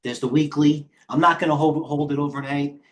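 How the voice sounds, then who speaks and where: Tired middle-aged host who rambles through live market commentary, ticker after ticker. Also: male voice, a little high, little pitch movement, brisk. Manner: rambling, off-the-cuff, jumps between stock tickers. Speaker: trading stream host.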